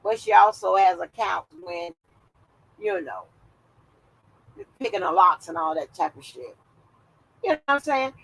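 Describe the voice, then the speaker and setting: A woman's voice: fairly low pitch, lively intonation, measured pace, pauses often, fairly bright tone, slightly rough, poor audio. A woman hosting a live stream, giving blunt, profane commentary and reacting as she reads posts aloud.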